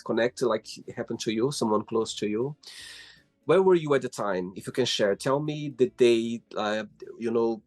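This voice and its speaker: Male host, encouraging, dry voice, fairly low pitch, soft music behind. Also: no room sound. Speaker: interview host. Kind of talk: conversational interview.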